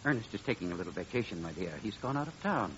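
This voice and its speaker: An actor playing a smooth-talking, scheming male Broadway promoter who narrates, in 1940s radio style. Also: fairly low pitch, sing-song, quick pace, slight background noise. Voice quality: glib, persuasive. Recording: dull old radio broadcast.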